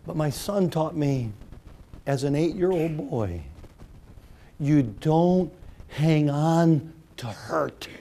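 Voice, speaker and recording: Preaching man with a dark, mellow voice. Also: a little high, expressive, slow, gravelly, pauses often. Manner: swings from loud preaching to quiet, hushed retelling. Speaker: pastor. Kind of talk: sermon storytelling.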